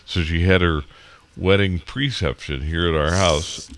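A man's voice: low voice, fairly even intonation, a little slow, a little hiss or hum. A middle-aged man hosting a morning radio show, stuffy and sniffling from a cold, rambling with many fillers. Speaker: radio host. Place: radio studio.

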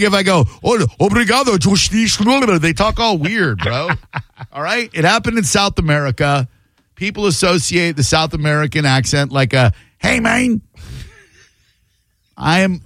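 A man hosting a call-in radio talk show, casual and joking, talking in fast bursts. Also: fairly high pitch, a bit bright, no room sound, studio quality. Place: radio studio. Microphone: studio mic.

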